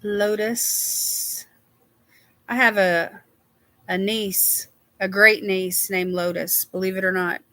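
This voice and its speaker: A woman's voice: mid-range voice, steady tone, slow pace, long pauses, a bit bright, dry recording. A woman, chatting casually with viewers as a livestream host and reading their names aloud. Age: 60s.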